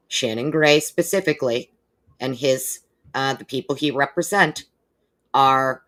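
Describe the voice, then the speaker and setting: Woman, live-stream host; casual, animated, swears freely, calls viewers darling. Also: rumbling low. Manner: chatty, profane, greets viewers by name; animated, with exaggerated put-on quote voices.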